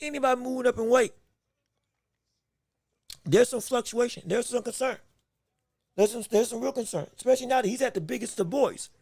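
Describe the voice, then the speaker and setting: Male podcast host, casual boxing commentary, husky with a dry close sound, talky and excitable. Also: very high-pitched, a little fast, pauses often, dry recording. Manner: chatty, self-correcting, exclamatory.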